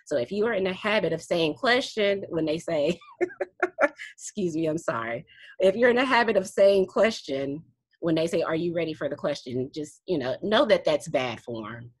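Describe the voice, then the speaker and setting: A lower-pitched woman with a husky edge teaches a study group over a video call. Her voice is close and dry, with little room sound. She explains steps patiently and breaks into laughter now and then. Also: lively intonation, normal speed, no echo. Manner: explanatory, laughs often, self-correcting. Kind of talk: online teaching session.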